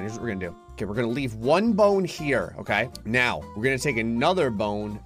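Excitable man in lively game commentary. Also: sits high. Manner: excitable, laughs often, yelps in surprise. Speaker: gaming commentator. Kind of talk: let's play commentary.

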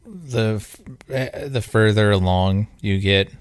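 A man's voice: on the low side, slow, smooth. A man in casual conversation who mostly gives short replies and asks follow-up questions. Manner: brief backchannel, asks questions.

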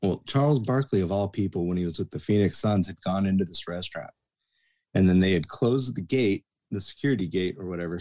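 Man, low voice, casual storyteller who acts out the people in his stories, for a relaxed talk show. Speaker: former bartender telling stories.

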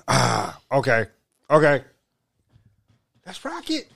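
A laid-back man chatting on a podcast, his pitch jumping all over as he rambles and stumbles over his words. He laughs often and swears freely, and the sound is dry and close. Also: huge pitch swings, slow, gravelly, fairly bright tone, husky, no echo. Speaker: podcast co-host. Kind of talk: casual banter.

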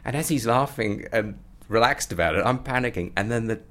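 Deep-voiced man telling a lively anecdote. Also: fairly quick. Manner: animated storyteller, acting out voices with rising pitch. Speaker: comedy performer and guest. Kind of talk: anecdotal storytelling.

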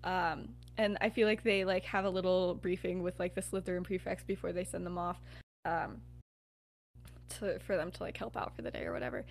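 A woman's voice: on the low side, level tone, brisk. A young woman co-hosting a podcast, casually telling a story with lots of filler words and laughter. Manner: chatty, filler-heavy with frequent "like", laughs often.

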